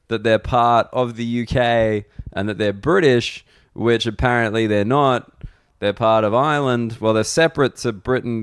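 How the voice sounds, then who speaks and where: A man's voice: on the low side, clean tone, no room sound. A young Australian man, a comedian hosting a solo podcast, rambling wryly and self-deprecatingly with lots of fillers into a close mic. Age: young adult. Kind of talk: casual solo podcast monologue.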